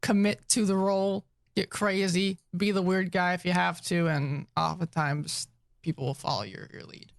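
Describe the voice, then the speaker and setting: Easygoing young man with a gravelly voice. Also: high-pitched, fairly even intonation, no room sound. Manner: easygoing, teasing, quick to laugh. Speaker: podcast co-host. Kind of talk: casual chat about tabletop roleplaying.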